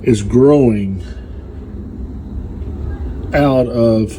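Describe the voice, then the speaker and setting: A man's voice: medium pitch, very slow, background noise. A man talking casually to his phone viewers, puzzled and asking them for help. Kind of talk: casual social media clip.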